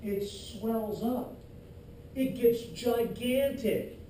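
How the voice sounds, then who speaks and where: A man teaching an anatomy class in a lively, joking way, teasing his students as he goes. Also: very high voice, drawn-out words. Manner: lively, jokey, teases students. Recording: echoey classroom, distant mic, faint hiss.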